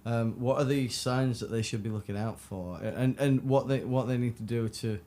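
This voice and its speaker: A man's voice: mid-range voice, normal speed, warm tone. A man co-hosting a podcast chat, throwing in short joking asides. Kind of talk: casual chat.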